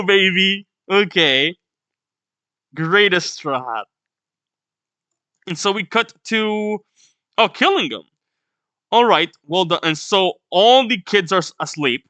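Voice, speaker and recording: A man's voice: high voice, fairly bright tone, no echo. A man reading a comic aloud and reacting casually, blunt and swearing, laughing at the story. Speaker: manga reaction host. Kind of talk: casual read-along reaction.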